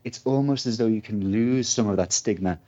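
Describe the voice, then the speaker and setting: A man's voice: on the low side, a little fast, dark tone, muffled recording. A man from Britain talking casually as a guest, rambling with many fillers and asides. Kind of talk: casual conversation.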